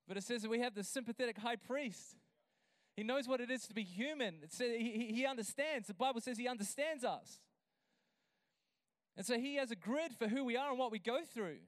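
A man with a high, smooth, resonant voice preaches a passionate sermon. He swings from easy, chatty asides to emphatic, stretched-out declarations. The sound is close and dry, with no room around it. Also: dry recording. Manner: passionate, builds to emphatic drawn-out lines. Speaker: pastor.

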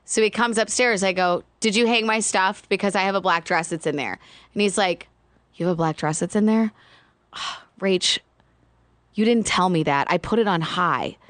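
A woman in her thirties co-hosting a podcast, retelling stories in a lively, dramatic way. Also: medium pitch, moderate pace, no room sound. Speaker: podcast co-host. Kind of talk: casual chat.

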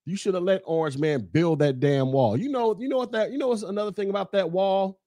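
This is an American man on his own podcast, venting in a fired-up, cursing tirade. His voice sits somewhat high for a man, and the recording is dry and close with no room sound. He mocks his listeners and keeps repeating his phrases to drive the point home. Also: fairly quick, mellow, no room sound. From United States. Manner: heated, profane, mocking, repeats phrases for emphasis. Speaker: podcast host. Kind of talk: angry political rant.

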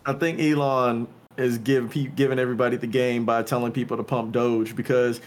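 A man's voice: medium pitch, little pitch movement, brisk, slight background noise. Laid-back slangy man. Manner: laid-back, slangy, says "bro" and "y'all". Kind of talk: casual profane chat.

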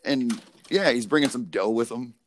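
A man's voice: medium pitch, moderate pace. Rambling, profane young guy telling stories. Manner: rambling, profane storytelling full of fillers; animated, laughs at his own stories. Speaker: podcast co-host. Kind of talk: casual chat.

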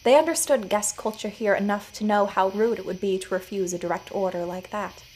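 A woman narrating her own scripted audio fiction story in a measured storytelling manner. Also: mid-range voice, darkish tone, breathy edge, low-quality recording. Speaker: writer and narrator.

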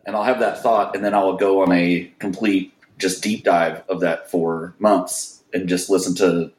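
A man's voice: low-pitched, fairly even intonation, unhurried, a little mellow, reverberant. A man chatting casually as a podcast guest, rambling with enthusiasm and chuckling as he goes. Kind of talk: casual chat.

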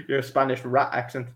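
A man hosting a casual football podcast, jokey and laddish, calling his co-hosts lads. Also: mid-range voice. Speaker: podcast host.

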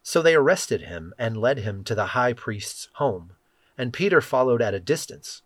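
A man reading scripture aloud and leading a prayer in a measured, solemn way, letting phrases fall softly at their ends. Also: medium pitch, sing-song. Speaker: scripture reader. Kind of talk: devotional Bible reading and prayer.

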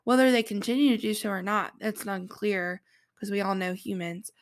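A woman's voice: medium pitch, normal speed, dry recording. A woman reading a Bible story aloud, stopping often for chatty, informal commentary full of "like" and "um". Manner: chatty asides, fillers like "like" and "um". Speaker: Bible teacher.

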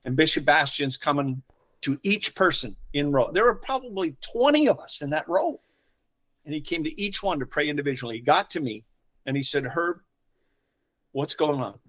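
A middle-aged man, a pastor telling personal stories in an interview, swinging from quiet asides to loud emotional bursts. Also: on the high side, animated, moderate pace, low-quality recording. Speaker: pastor, podcast guest. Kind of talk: conversational storytelling interview.

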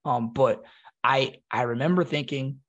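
A man from North Philadelphia, a former Marine and podcast guest, telling stories in a casual, animated way and acting out the voices of people he quotes. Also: mid-range voice, measured pace, muffled recording. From North Philadelphia, USA. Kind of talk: casual storytelling.

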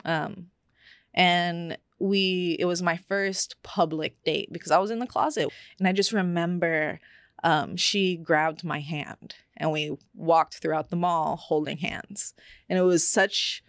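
Low-voiced woman telling her story. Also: steady tone, a little slow, gravelly, dry recording, clean studio sound. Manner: candid, confessional, many fillers. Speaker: podcast co-host. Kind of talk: personal storytelling in casual chat.

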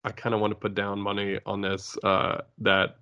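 A man co-hosting a casual podcast chat, excitable and laughing often, breaking into goofy voices. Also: on the low side, moderate pace, clear, resonant tone, highs cut off. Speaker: podcast co-host.

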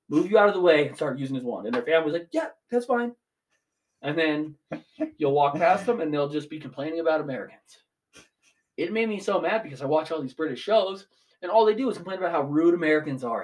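A young man in his twenties ranting casually as a podcast co-host, swearing freely. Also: fairly high pitch. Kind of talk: casual chat.

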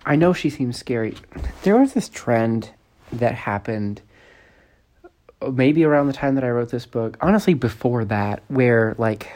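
A man's voice: medium pitch, expressive, a little slow, darkish tone. A man reading his own novel aloud, casual and joking, with chatty asides full of fillers. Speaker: author reading his book.

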